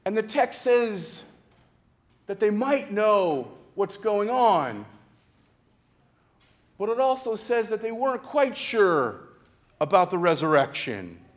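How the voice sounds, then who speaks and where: A male preacher delivers a sermon in a high, animated voice that rises and falls widely. He speaks slowly and dramatically, pausing often and dropping into hushed tones for emphasis. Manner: slow and dramatic, with pauses and quiet, hushed retellings.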